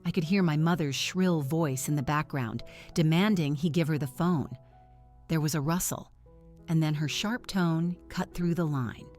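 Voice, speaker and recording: A woman in her thirties narrates a first-person story in a cool, measured manner. Her voice sits low. Faint music plays behind the reading. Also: darkish tone. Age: 30s.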